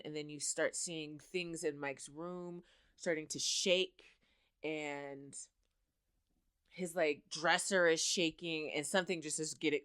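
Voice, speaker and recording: Chatty woman host with a lowish voice. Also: fairly bright tone, smooth, no room sound, studio quality. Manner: chatty, filler-heavy, laughing asides. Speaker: host recapping a TV episode. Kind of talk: casual chat.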